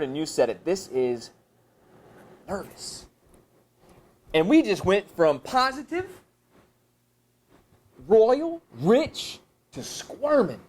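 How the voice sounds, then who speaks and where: A man presenting a teacher training session to a live audience, thinking aloud and asking and answering his own questions. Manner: animated, jumps high in pitch for emphasis. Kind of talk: professional development workshop talk. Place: high school room with an audience. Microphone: camera recording a live session.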